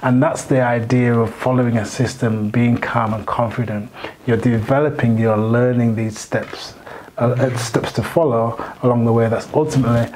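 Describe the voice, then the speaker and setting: A man from Leeds, a fitness coach hosting a casual motivational chat, who explains things in a steady way. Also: medium pitch, normal speed, slight background noise, rough recording. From Leeds, England.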